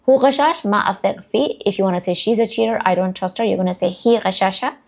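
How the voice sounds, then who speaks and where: A woman who also speaks Urdu giving a casual, chatty language lesson, repeating words slowly and joking about herself. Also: mid-range voice, gravelly, a little mellow. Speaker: language learner teaching vocabulary.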